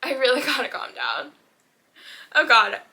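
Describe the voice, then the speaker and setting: A woman's voice: high-pitched, big pitch swings, a little slow, bright, forceful tone. A young woman vlogging in casual chat, talking animatedly with dramatic rants and laughs.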